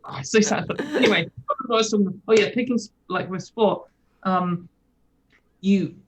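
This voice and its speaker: A woman's voice: mid-range voice, normal speed, rough recording. A British woman, a guest on a video call, chatting casually in a rambling, wry way full of fillers. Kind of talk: casual chat.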